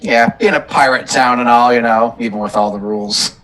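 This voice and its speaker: A man's voice: medium pitch, fairly quick, a bit bright, distant mic. A man playing a tabletop game, chatting casually and asking the game master questions. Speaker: player.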